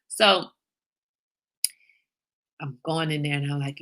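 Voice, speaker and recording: A middle-aged woman hosting a livestream, chatting casually and emphatically with viewers and telling animated stories. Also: low voice, normal speed, pauses often. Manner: animated storyteller, emphatic, reads viewer comments. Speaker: livestream host.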